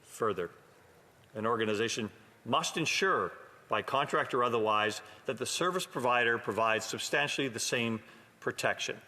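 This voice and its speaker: A man's voice: medium pitch, animated, normal speed, bright, forceful tone. A man, a member of parliament from Canada, giving a pointed, sometimes sarcastic speech in a legislative chamber. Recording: long hall reverb.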